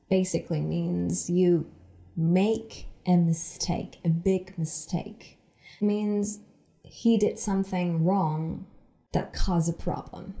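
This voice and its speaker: A woman teaching English from sitcom clips, explaining phrases slowly and repeating them for learners. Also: on the low side, mellow. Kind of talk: explaining language lesson.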